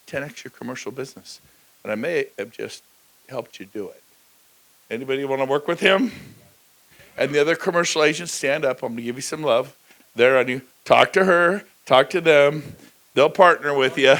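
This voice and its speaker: A man's voice: creaky, poor audio. A middle-aged man giving a motivational real estate talk on a conference stage, full of energy and calling out to the crowd. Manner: high-energy, shouting bursts and crowd call-outs.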